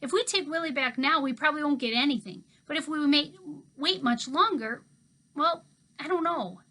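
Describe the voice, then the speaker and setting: A woman voicing a stubborn young girl who answers loudly and snappishly. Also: sits high, normal speed, voice pushed up. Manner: snappish, loud and insistent. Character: defensive, stubborn young girl, big sister.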